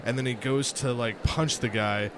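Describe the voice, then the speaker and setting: A man's voice: medium pitch, fairly even intonation, normal speed, background noise. A man playing a tabletop game who explains his character in a rambling way, full of fillers. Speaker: player. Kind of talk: casual tabletop game chat.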